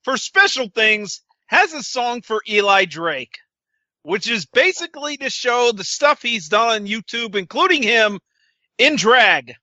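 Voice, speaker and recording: A man's voice: very high-pitched, sing-song, unhurried, bright, forceful tone, no echo, highs cut off. A man co-hosting a podcast, recapping wrestling in casual chat with a sarcastic, swearing manner. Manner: sarcastic, swears, quotes wrestlers in put-on voices. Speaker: podcast co-host.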